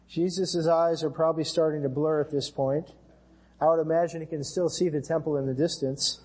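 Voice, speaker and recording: Fairly quick and steady in tone, a male pastor with an American accent preaches earnestly in a husky, mellow voice. His slightly high pitch rises further for scripture readings.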